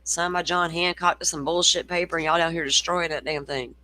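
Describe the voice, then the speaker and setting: A man's voice: fairly high pitch, steady tone, a little fast, bright, forceful tone. A middle-aged man hosting a casual true-crime livestream, swearing freely and reading viewer comments aloud. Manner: profane, ranting, reads viewer comments aloud.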